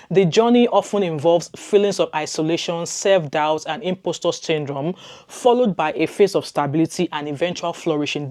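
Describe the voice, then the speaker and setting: A woman's voice: lowish voice, a little mellow. A middle-aged woman from Nigeria with a heavy Nigerian accent, talking casually to her camera in a chatty, reassuring way and repeating points for emphasis. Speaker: vlogger.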